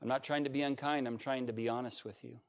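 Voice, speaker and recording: A middle-aged male pastor preaching a sermon, swinging between raised emphasis and quiet, conversational asides. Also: medium pitch, fairly even intonation, quick pace. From United States.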